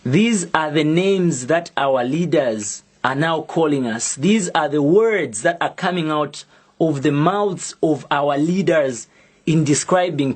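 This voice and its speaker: Slow, deliberate Zambian man. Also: on the high side, slightly rough. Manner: slow, deliberate and emphatic, with pointed pauses. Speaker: activist. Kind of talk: public video statement.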